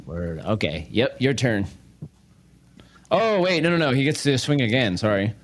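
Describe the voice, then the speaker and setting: A man's voice: medium pitch, sing-song, normal speed. A man running a tabletop game as game master, narrating loosely with lots of fillers.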